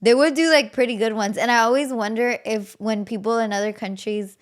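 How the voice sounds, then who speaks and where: A young woman hosting a podcast in casual chat, gossipy and quick to laugh, with lots of "like". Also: fairly high pitch, fairly even intonation. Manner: chatty, gossipy, laughs often, says "like" a lot. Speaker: podcast host.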